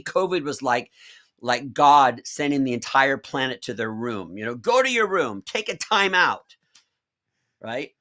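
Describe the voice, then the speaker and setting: Guy guest on a podcast, earnest and reflective, little jokes, mid voice. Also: medium pitch. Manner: reflective, earnest, gently humorous. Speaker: guest speaker. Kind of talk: casual interview chat.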